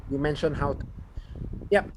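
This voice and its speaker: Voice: medium pitch, normal speed, noisy background. A speaker with a Singaporean accent giving a language evaluation on a video call and correcting grammar and pronunciation. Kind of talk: club speech evaluation.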